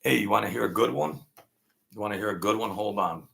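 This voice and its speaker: Gravelly-voiced man ranting blunt and slangy. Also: on the low side, fast, a bit bright. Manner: blunt, slangy, rambling, stutters. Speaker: livestream host. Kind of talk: casual livestream rant.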